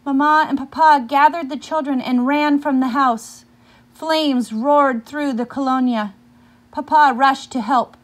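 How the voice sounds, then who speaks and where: A woman reading a picture book aloud, pausing now and then to ask her listeners questions about the story. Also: high-pitched, fairly even intonation.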